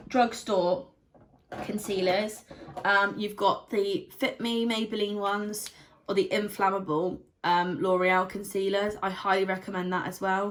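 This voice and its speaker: A young woman giving a casual beauty product review, chatty and rambling with lots of "like" fillers. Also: fairly low pitch. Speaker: beauty vlogger.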